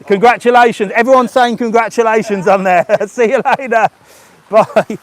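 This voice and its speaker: A middle-aged man talks in a slightly high voice, live-streaming as he strolls outside through a resort. He is chatty and jokey, and he chuckles between remarks, recorded on a small handheld camera. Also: fairly even intonation, moderate pace. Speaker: travel vlogger. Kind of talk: live-streamed walking vlog. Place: outdoors in a resort hotel grounds. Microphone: handheld gimbal camera.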